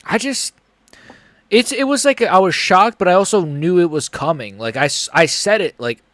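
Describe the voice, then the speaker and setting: A man's voice: high voice, lively intonation, normal speed, fairly bright tone, no room sound. Profane man streaming a live reaction. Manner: profane, rambling, emotionally swinging.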